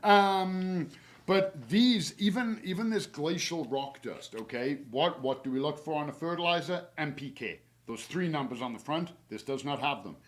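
Hardly pausing and speaking at a moderate pace, a horticulturist leads a casual webinar on spring garden care with practical advice from his own yard. He sounds chatty and relaxed in an ordinary middle pitch, rambling a bit with lots of "uh" and "um" and laughing at himself over his slips.

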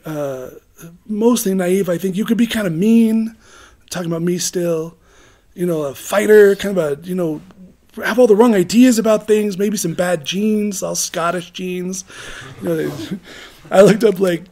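This middle-aged preacher has a voice that sits high and a bit mellow. His sermon is informal and rambling, full of jokes at his own expense and frequent laughter.

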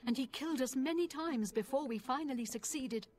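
Grim pleading game prisoner, higher voice. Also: female voice, brisk, darkish tone. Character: trapped weary female prisoner pleading. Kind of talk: game dialogue.

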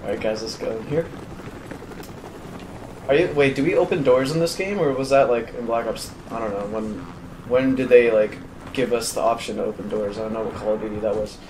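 A man's voice: medium pitch, fairly even intonation, brisk. A man giving casual let's-play commentary while playing a shooter, jumpy and self-mocking, talking to himself and his viewers. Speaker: gamer playing through a shooter campaign. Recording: roomy sound with loud game gunfire behind. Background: game gunfire and battle noise.

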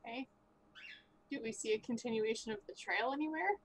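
A woman's voice: fairly high pitch, fairly quick, a little hiss or hum. A woman playing in a tabletop game, chatting casually and laughing easily. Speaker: player.

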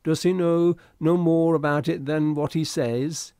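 A man voicing a hot-tempered second mate who bursts out loudly and indignantly. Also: fairly high pitch, fairly even intonation, a little slow, smooth, no room sound, clean studio sound, pitched above the performer's own voice. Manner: loud, indignant outbursts.

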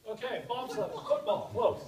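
A man giving an energetic, out-of-breath motivational lecture to students, speaking straight to the audience. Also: high-pitched, a little slow. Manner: energetic, addresses audience directly. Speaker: guest lecturer. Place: university lecture hall. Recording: echoey hall from far off, faint noise.

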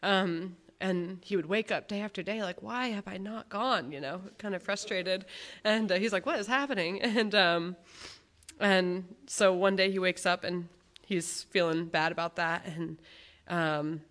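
A woman speaking as a granddaughter at a memorial service, telling personal stories about her grandfather in a heartfelt, halting way. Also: fairly low pitch, fairly even intonation, a bit bright. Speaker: granddaughter giving a eulogy. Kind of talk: memorial tribute speech.

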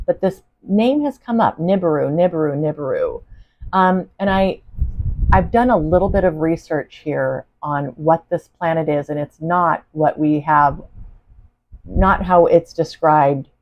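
A woman's voice: low voice, unhurried. A woman giving a spiritual channeling talk in an earnest, reflective, meandering way, speaking from a living room. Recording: slightly dull lo-fi recording.

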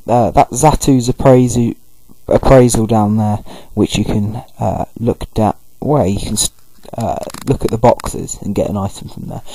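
A man's voice: on the low side, fairly even intonation, unhurried, few pauses, warm tone, breathy edge, no room sound, low-quality recording. A man giving loose, rambling commentary over a video game playthrough. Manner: rambling, loose, full of fillers. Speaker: gaming video host. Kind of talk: casual let's-play commentary.

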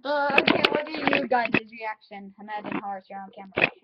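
Giggly high-voiced woman vlogger. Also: a little fast, very noisy. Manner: giggly, scatterbrained. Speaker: YouTuber. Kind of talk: casual vlog chat. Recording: dull lo-fi audio.

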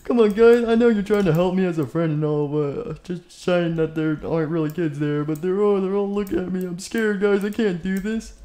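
A man's voice: high voice, expressive, moderate pace, mellow, voice pushed up. A man voicing a jittery, stage-frightened male animatronic bear who stammers and panics. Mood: whiny. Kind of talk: comedic game machinima voice acting.

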